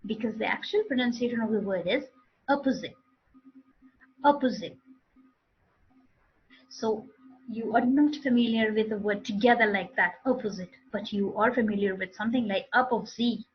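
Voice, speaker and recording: Husky woman teaching English online. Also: mid-range voice, fairly quick, highs cut off. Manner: explanatory, repeats and restarts phrases. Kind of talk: online class lecture.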